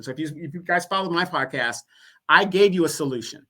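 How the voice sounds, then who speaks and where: A man's voice: a little high, fast talker, sharp tone. A man appearing as a podcast guest, talking politics in a laid-back, conversational way. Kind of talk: casual political chat.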